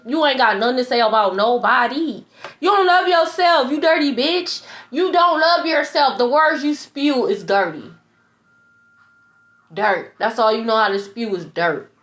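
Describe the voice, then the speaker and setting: A woman's voice: high voice, fairly bright tone. A young woman tarot reader ranting in a blunt, profane, repetitive monologue. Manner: blunt, profane, repeats herself.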